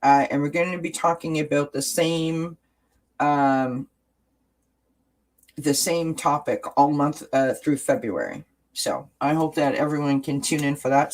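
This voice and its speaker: A woman's voice: rumbling low, low-quality recording. A woman hosting a casual live-stream chat about oracle cards, talking in a rambling way with frequent restarts.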